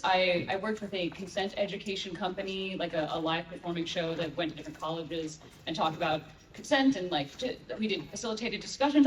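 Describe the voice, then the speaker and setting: A woman's voice: fairly low pitch, fairly quick, hardly any pauses. Laughing woman on a panel in a hall. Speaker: audiobook narrator, panel guest. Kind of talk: casual anecdotal chat. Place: large convention panel room. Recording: echoey hall, distant mic.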